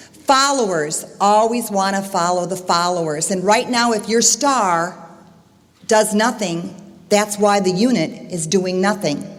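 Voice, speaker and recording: Emphatic woman speaking in an echoing hall. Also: mid-range voice. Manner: emphatic, addresses the audience as "gang". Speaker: motivational conference speaker. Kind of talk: motivational speech. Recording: echoey hall.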